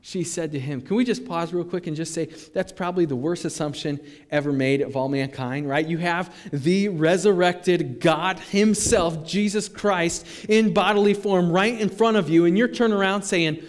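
A male pastor preaching a sermon in a conversational, animated way, with frequent restarts. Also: sits high, moderate pace, hardly any pauses, big-room sound.

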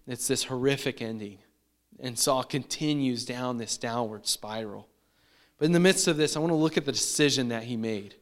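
A man's voice: medium pitch, fairly bright tone, smooth. A man preaching a sermon in a conversational way, often repeating and restarting his phrases. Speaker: pastor.

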